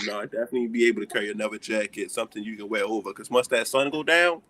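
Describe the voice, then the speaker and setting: Bright, punchy young man hosting. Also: on the low side, very fast, hardly any pauses, slight background noise. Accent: American Southern. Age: young adult. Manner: animated storytelling, acts out dialogue. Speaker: host. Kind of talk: casual livestream chat.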